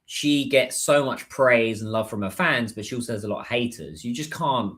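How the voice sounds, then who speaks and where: A man's voice: mid-range voice, lively intonation, normal speed, fairly bright tone. A middle-aged man chatting casually on his livestream, rambling and hunting for words with lots of ums and uhs. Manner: rambling, searches for words with many fillers. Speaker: livestream host.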